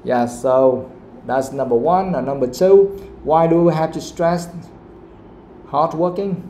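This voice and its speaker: Guy teaching english pronunciation live, slow, keeps asking why, mellow voice in an echoey room with faint noise. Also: fairly high pitch. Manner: asks questions again and again, quotes the audio slowly.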